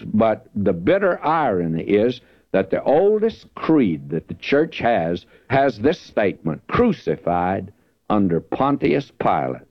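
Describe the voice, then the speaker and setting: Low-voiced earnest preacher, dull lo-fi recording. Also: male voice, no echo. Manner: earnest, emphatic, lifts his voice when reading scripture. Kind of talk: verse-by-verse Bible teaching sermon.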